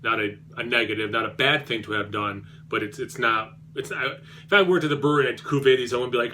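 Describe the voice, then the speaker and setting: A man's voice: medium pitch, fast, few pauses, bright, forceful tone, slight background noise. A man reviewing beer on his vlog, rambling and self-deprecating, with many fillers and restarts.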